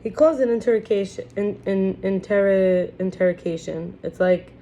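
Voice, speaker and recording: A woman's voice: medium pitch, fairly even intonation, normal speed, mellow, highs cut off. Chatty woman teaching a spiritual lesson. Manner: chatty, restarts often, reads from a book. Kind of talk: casual spiritual teaching talk.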